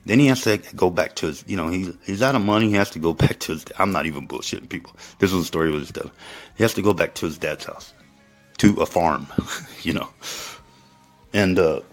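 A man's voice: low voice, brisk, faint music behind. A man telling a rambling, profane story straight to his viewers, in a crude and emphatic way. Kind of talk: profane casual monologue to viewers.

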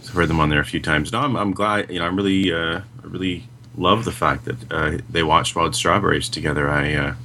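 A male podcast co-host with a very deep voice and a crisp, bright edge. He talks casually and haltingly, restarting his sentences often and slipping in dry quips. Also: steady tone, a little hiss or hum.

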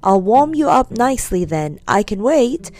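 A woman's voice: on the high side, very animated, normal speed, a little mellow. A woman voicing an angry aunt who scolds her nephew in a nasty, sarcastic way. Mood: angry scolding. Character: cross scolding aunt, sharp-tongued woman.

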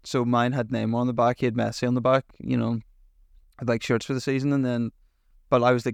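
A man's voice: medium pitch, little pitch movement, fast, creaky, smooth, no echo. A young man, telling stories in a rambling way with lots of fillers and swearing as a podcast co-host. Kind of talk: casual chat.

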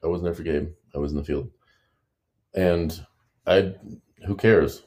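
A man's voice: low-pitched, steady tone, unhurried, darkish tone. A man co-hosting a casual podcast chat with his wife, talking bluntly, joking and swearing a lot. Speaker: podcast co-host, husband.

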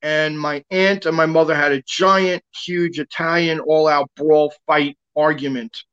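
A man's voice: a little high, steady tone, measured pace, a bit bright, highs cut off. A man guest telling a long personal story in casual talk, rambling with lots of fillers and restarts.

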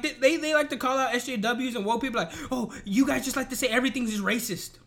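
A man's voice: very high voice, gravelly, fairly bright tone. A man in a casual, profane rant, talking in an exasperated and emphatic way. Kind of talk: casual ranting commentary.

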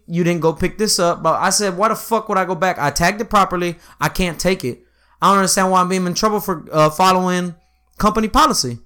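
A young man telling a long work story in casual chat, animated and profane, acting out the quoted lines and filling with "you know what I'm saying". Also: high voice.

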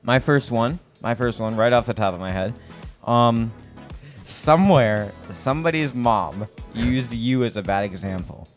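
A man's voice: medium pitch, lively intonation, unhurried, faint music behind. A teenage boy from Michigan co-hosting a casual podcast, chatty and upbeat, laughing often. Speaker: co-host.

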